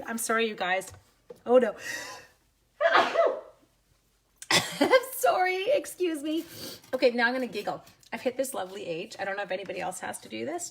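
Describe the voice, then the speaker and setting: Husky woman with the sniffles. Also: mid-range voice, a bit bright. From Canada. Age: 40s. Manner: chatty, self-deprecating, talks to viewers' comments. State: sniffly from sneezing. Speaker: crafting livestream host. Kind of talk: casual live crafting demo. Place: home craft room.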